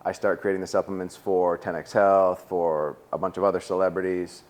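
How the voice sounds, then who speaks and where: Young guy rattling off his story fast, lots of cussing, low voice. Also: flat delivery, a little mellow. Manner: fast, profane storytelling, acts out quotes. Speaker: coach and podcast guest. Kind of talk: casual chat.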